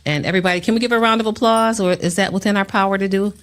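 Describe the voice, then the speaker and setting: A woman's voice: medium pitch, steady tone, racing. A woman hosting a casual podcast interview, encouraging her guest and calling people honey. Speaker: podcast host.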